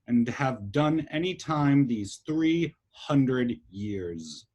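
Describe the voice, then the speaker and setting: A man reading a slow, blustering old justice. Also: medium pitch, animated, darkish tone, husky, full character voice. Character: testy old country justice. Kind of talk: casual amateur play reading.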